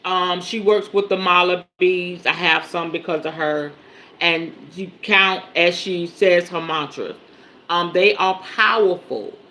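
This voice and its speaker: A woman's voice: fairly low pitch, pushed and bright. A woman giving a spiritual teaching on a livestream, chatting conversationally with her audience and repeating her key points for emphasis. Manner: conversational, often checks in with the audience.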